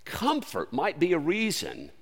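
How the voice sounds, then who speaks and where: A man preaching with a high, lively voice that leaps up and drops to near-hushed lines. He talks to the congregation in a plain, earnest way. The sound rings with the long reverb of a church sanctuary. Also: measured pace. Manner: earnest, conversational preaching with sudden swings from loud to quiet. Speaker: pastor. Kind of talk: sermon.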